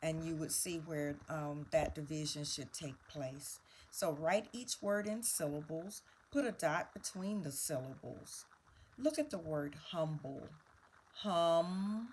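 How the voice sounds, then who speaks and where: A woman's voice: deep voice, expressive, unhurried, a little mellow, slight background noise. A woman teaching a spelling lesson, patiently spelling words out letter by letter and walking through each answer.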